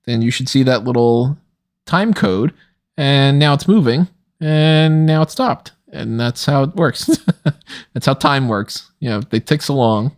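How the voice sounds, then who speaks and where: Rambling, giggly podcast host. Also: male voice, mid-range voice. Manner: rambling, laughs often. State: tired, late at night. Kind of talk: casual commentary chat.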